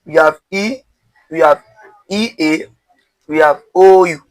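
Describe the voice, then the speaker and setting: Male pronunciation teacher, high voice, patient drilling: asks, answers, has you repeat. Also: slow pace, poor audio. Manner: spells out words letter by letter. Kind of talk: step-by-step pronunciation lesson.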